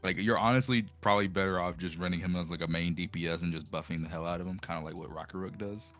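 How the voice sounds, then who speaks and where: A man's voice: low voice, fairly even intonation, quick pace, fairly bright tone. A male streamer in a casual gaming chat over a video call, blunt and emphatic, repeating his points.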